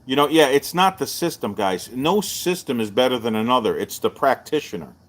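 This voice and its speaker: A middle-aged man, hosting a live-streamed martial arts show and telling stories in a loose, animated way. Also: brisk. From Texas. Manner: animated storyteller, jumps up in pitch for quoted voices. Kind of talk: casual storytelling to a live stream.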